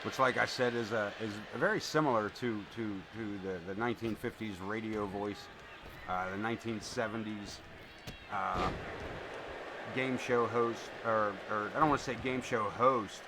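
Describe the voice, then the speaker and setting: A man streaming live, calling wrestling play-by-play and chatting casually in an excitable, rambling way, swearing now and then. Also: lowish voice, normal speed, noisy background. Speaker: streamer commentating a wrestling game. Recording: music playing behind.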